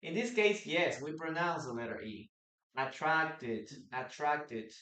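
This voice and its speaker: A man teaching a live online English class, slowly repeating words and sentences so students can practice pronunciation. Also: a little high, big pitch swings, fairly bright tone. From Peru. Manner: slow, patient, repeats words for pronunciation drills.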